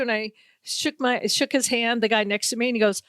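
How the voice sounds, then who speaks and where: A woman with a fairly high voice hosts a sports talk show, chatting casually. She tells stories with animated quotes from the people involved. The sound is close and dry. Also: quick pace, dry recording. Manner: animated storyteller, acts out quotes. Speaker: sports radio host. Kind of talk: casual chat.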